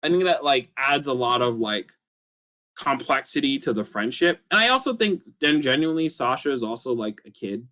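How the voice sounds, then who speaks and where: A man's voice: medium pitch, animated, moderate pace, pushed and bright. Rambling man on a casual podcast. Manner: rambling, many fillers, acts out character lines. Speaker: podcast co-host. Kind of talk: casual chat.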